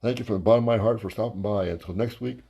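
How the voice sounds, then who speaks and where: Rapid-fire and slightly rough with vocal fry, a man hosting his comedy show barrels through a profane, meandering stand-up story. Crude and filler-heavy, he stays lively and pops into high-pitched voices for anything he quotes.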